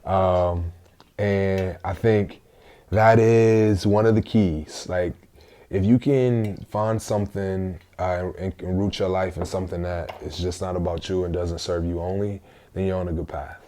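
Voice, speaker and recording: Actor guest from Florida, very low voice, earnest reflective talk. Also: male voice, fairly even intonation, measured pace, warm tone. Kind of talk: casual interview chat.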